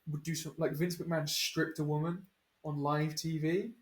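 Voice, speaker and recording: A man's voice: on the high side, little pitch movement, moderate pace. A young man on a podcast telling stories in casual chat, swearing a lot and laughing as he talks. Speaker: podcast co-host. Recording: echoey room.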